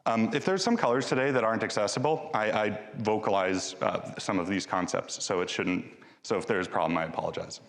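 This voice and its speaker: A man's voice: fairly low pitch, brisk, vocal fry. A man giving a live conference talk with a demo, chatty and joking, often restarting his sentences. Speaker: conference speaker. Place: large conference hall. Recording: long hall reverb.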